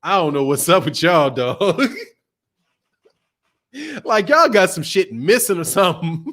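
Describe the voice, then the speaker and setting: A man with a fairly high voice hosts a casual boxing live stream. He laughs often and reads chat messages out loud in loose, profane banter. He sounds like a young adult talking off the cuff. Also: lively intonation, unhurried. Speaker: boxing channel host.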